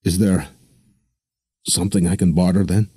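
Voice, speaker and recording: A man's voice: sits low, little pitch movement, normal speed, mellow, husky. A man voicing a desperate, stubborn young woman who pleads and insists. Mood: pleading.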